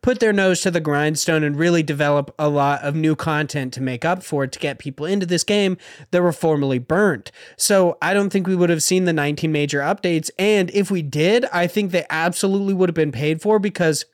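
A man on a casual podcast, talking in a rambling way and packing his sentences with filler words. His voice sits a bit higher than most men's and sounds close and dry, with no room around it. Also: a little fast, hardly any pauses, no room sound. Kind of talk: casual gaming podcast chat.

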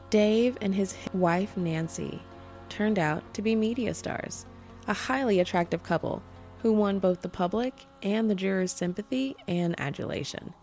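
Female podcast host, low warm voice, scripted true-crime storytelling.

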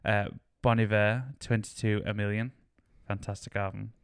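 A man co-hosting a podcast, chatting casually, his lines often trailing off quietly. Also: fairly low pitch, level tone, moderate pace, clear, resonant tone, no echo, studio quality. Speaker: podcast co-host. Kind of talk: casual chat.

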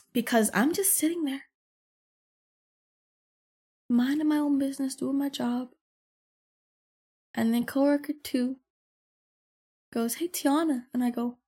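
A young woman hosting a podcast, telling a workplace story in a casual, profane and animated way. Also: fairly high pitch. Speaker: podcast host.

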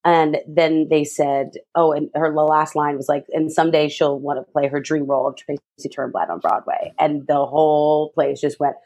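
A young woman, appearing as an interview guest, tells a lively personal story, voicing other people with big leaps in pitch. She speaks at a moderate pace with few pauses in this animated storytelling.

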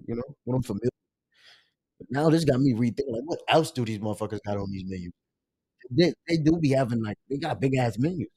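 A husky-voiced man hosting a live stream, talking loosely and casually and swearing freely. His voice jumps up sharply whenever something excites him. The sound is close and dry. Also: medium pitch, no echo. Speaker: livestream show host.

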